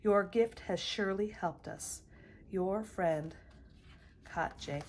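A woman voicing a generous young Dutch girl who speaks earnestly and slowly, in a storybook read aloud. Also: medium pitch.

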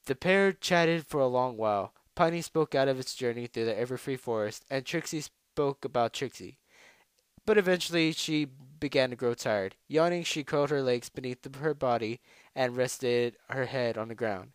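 A man's voice: medium pitch, normal speed, clean tone, no echo. A man narrating a fan story aloud, reading with frequent stumbles and self-corrections.

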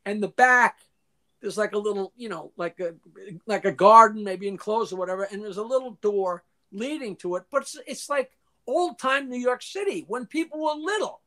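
Older man, interview guest, rambling anecdotes, swears freely, clears throat, quotes others. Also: high-pitched, moderate pace, bright, forceful tone. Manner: profane, frequently clears throat. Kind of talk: casual storytelling interview.

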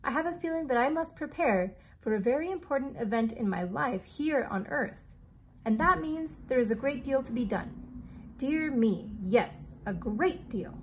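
Lady teacher doing a fussy formal inventor guy, slow careful old-fashioned talk, kinda high voice. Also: lively intonation, a little hiss or hum. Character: eccentric formal male inventor, precise and kindly.

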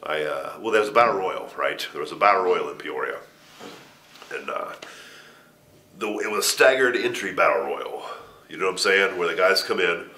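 A man's voice: deep voice, expressive, normal speed, bright, forceful tone, slight background noise. A middle-aged man in an interview, telling a story in a casual way with a lot of swearing, laughter and stammered restarts. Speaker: interview guest, wrestler.

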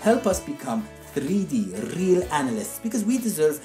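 Low, dark-toned woman ranting theatrically. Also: sing-song, normal speed, echoey room, faint music behind. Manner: indignant, theatrical, sarcastic. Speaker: co-host and football analyst. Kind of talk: comedic sports podcast rant.

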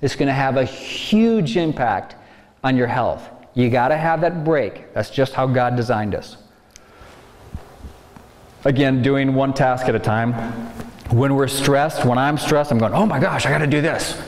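A man giving a faith-based lecture on stress, animated and acting out worried inner voices. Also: mid-range voice, a little slow, long pauses, a little hiss or hum. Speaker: speaker. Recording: echoey hall, faint ambience.

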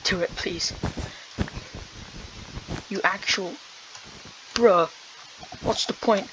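A young woman commenting on her game casually, dramatic and whiny, swinging between loud outbursts and mumbles. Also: medium pitch, very slow, long pauses. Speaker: gamer. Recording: noisy background.

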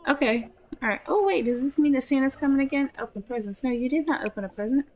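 A woman's voice: high voice, quick pace, darkish tone, a little hiss or hum. Chatty woman talking to her game. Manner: chatty, swears casually, talks to her characters. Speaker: gameplay streamer. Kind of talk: casual gameplay commentary.

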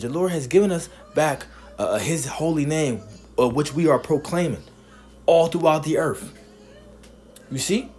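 A man preaching a sermon, reading scripture verses slowly and then explaining them, asking "you see?" again and again. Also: high-pitched, darkish tone, breathy edge. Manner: emphatic, punctuates with "you see?".

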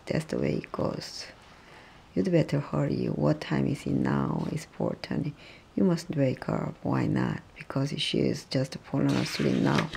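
A speaker reading English practice dialogues aloud, halting and restarting often. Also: mid-range voice, creaky, a little mellow.

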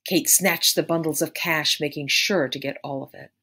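Female audiobook narrator, low voice, measured and expressive. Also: slightly rough. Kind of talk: read-aloud narration of a story.

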